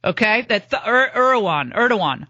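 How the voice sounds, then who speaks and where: A middle-aged woman hosting a political talk radio show, delivering a sarcastic, mocking monologue of rapid-fire lists. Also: mid-range voice, expressive, pushed and bright, no echo, highs cut off.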